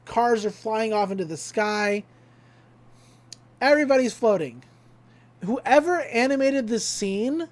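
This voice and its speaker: This podcast host's voice is fairly high with a darkish tone. She runs through a cartoon episode in a casual, chatty, upbeat way, using fillers frequently.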